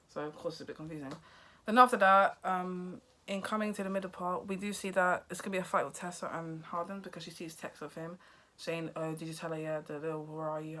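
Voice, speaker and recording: A woman vlogger casually recapping a movie plot in a rambling way, acting out the characters' lines with excited outbursts. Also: sits low.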